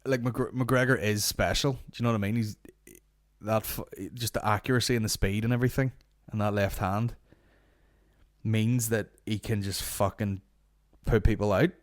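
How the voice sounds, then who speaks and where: A man's voice: on the low side, steady tone, moderate pace. A young man with a Northern Irish accent hosting a podcast, rambling through sweary casual banter. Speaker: podcast host. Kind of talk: casual chat.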